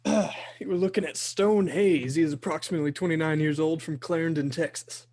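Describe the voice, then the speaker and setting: A man's voice: on the high side, steady tone, brisk, a little mellow. A man player giving his character's details in a matter-of-fact way.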